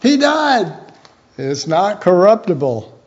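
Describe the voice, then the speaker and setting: A man with a high-pitched voice teaches the Bible in a slow, unhurried way. He keeps it informal and chatty, acting out little imagined dialogues as he goes. The recording sounds dull and lo-fi. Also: sing-song.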